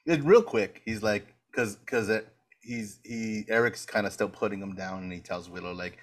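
A man with a somewhat low voice chats through a movie recap on a podcast. He rambles along and laughs often as he goes. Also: moderate pace. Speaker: podcast co-host. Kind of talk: casual rewatch chat.

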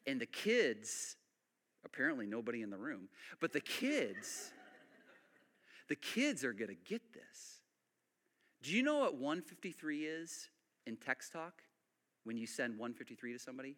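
A male pastor preaching a sermon, dropping to hushed lines and rising to loud emphatic build-ups, repeating phrases for emphasis. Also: mid-range voice, sing-song, normal speed.

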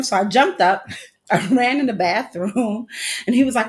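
A woman's voice: on the high side, lively intonation, normal speed. A woman in her thirties telling a crude story on a casual live stream as co-host, laughing and acting out the quotes.

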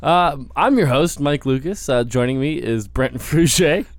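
A man's voice: on the high side, lively intonation, measured pace, no echo, studio quality. A man hosting a casual movie podcast, rambling and breaking off mid-sentence as he laughs with friends. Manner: rambling, self-interrupting, laughing. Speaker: podcast host.

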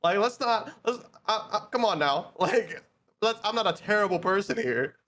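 Man, high voice, podcast co-host, playful storytelling, laughs often. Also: lively intonation, normal speed, a bit bright. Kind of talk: casual gaming podcast chat.

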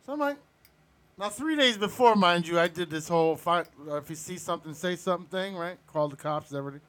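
A man with a high, bright voice tells a story in casual chat. He talks bluntly and swears as he goes. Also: fast.

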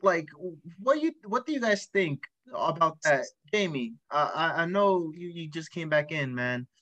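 A man's voice: on the high side, very animated, measured pace, a bit bright, dull audio. A man hosting a casual podcast chat, asking questions and steering the talk to others. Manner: questioning, leads the discussion. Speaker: podcast host.

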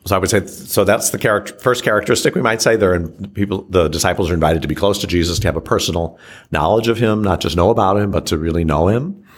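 Speaking as an archbishop in a reflective teaching conversation, a man with a low, husky voice talks slowly and with measured care. He often pauses and restarts his sentences.

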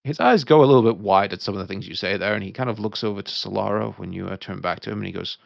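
A man narrating as game master of a tabletop game, talking quickly and casually with many fillers. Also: fairly low pitch, vocal fry, no room sound, clean studio sound.

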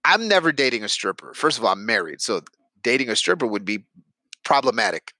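A man's voice: mid-range voice, a little fast, creaky, no room sound, studio quality. A middle-aged man, a podcast co-host telling stories in casual banter, swearing freely and acting out the lines he quotes. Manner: animated storyteller, swears freely, acts out quotes.

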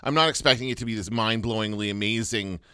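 Casual podcast co-host, man, bright and forceful tone, dry close sound, rambly delivery. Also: lowish voice, fast talker, smooth, no room sound. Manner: rambling, many restarts and fillers. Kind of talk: casual chat.

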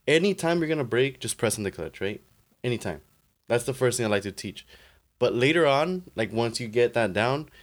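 Young male podcast co-host, mid-pitched, laid-back and chatty, explains patiently. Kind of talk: casual chat.

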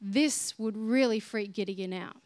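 A woman's voice: mid-range voice, a little slow, a little mellow, no echo, studio quality. A woman preaching a conversational sermon, chatty and informal, speaking directly to her listeners.

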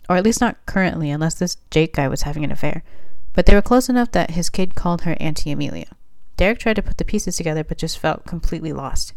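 Woman narrator, low register, steady plain storybook reading. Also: fast talker. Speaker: fanfiction reader.

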